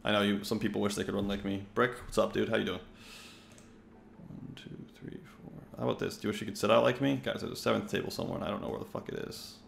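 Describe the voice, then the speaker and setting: A man's voice: lowish voice, steady tone, racing, gravelly, hardly any pauses, echoey room, a little hiss or hum. A young man giving loose, chatty commentary as he plays poker on a live stream, rambling and swearing freely. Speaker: poker player and coach. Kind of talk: casual live-stream commentary while playing.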